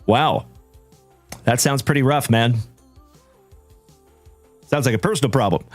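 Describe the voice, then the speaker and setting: A man hosting a live trading-card stream, chatting warmly with viewers and giving shout-outs. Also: mid-range voice, a little slow, no echo, faint music behind. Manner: hearty, shout-outs full of "my brother" and "my man". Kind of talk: upbeat livestream chat with viewers.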